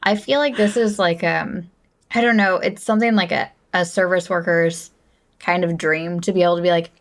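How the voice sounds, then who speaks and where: A woman co-hosting a podcast, talking casually about a film in a relaxed, chatty way and laughing along. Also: fairly low pitch, moderate pace. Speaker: podcast co-host. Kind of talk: casual movie chat.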